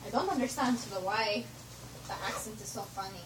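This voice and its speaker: Putting on a lightly acted foreign-accent persona, this roommate giggles playfully through broken English peppered with stray "to the" phrases. Her mid-range voice moves fairly quickly, and the home-room video is noisy and shot from a distance.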